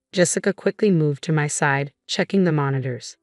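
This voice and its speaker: A woman reading a scripted first-person story in an even, measured way. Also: low-pitched, no room sound, studio quality, faint music behind. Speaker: narrator.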